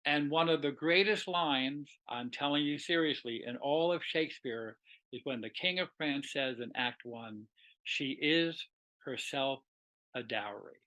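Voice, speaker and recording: Bright-voiced man lecturing on literature. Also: fairly high pitch, moderate pace, rough recording. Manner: animated, conversational retelling with quoted dialogue.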